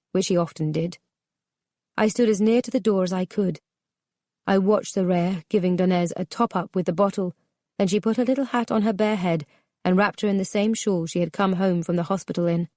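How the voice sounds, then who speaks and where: A woman narrating a memoir audiobook in a measured, subdued, somber way. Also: medium pitch, a little mellow, no room sound, studio quality.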